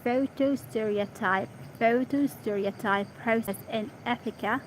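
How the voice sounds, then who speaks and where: A woman whose first language is Arabic reads an English article aloud, stopping often to check her pronunciation in quiet asides. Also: fairly high pitch, steady tone, slow, a little hiss or hum, poor audio. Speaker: reader practicing English.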